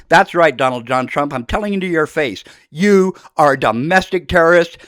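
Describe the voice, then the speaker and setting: A man's voice: fairly high pitch, dry recording, studio quality. An older man delivering an impassioned, accusatory political monologue as a podcast host, with fiery outbursts. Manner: fiery, accusatory, shouting into speeches.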